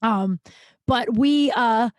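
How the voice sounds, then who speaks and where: A woman's voice: on the high side, extremely slow, dry recording. A woman in her thirties from Colorado, hosting a podcast and telling a personal story in a candid, self-mocking way with plenty of swearing. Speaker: podcast host. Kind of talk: casual storytelling monologue.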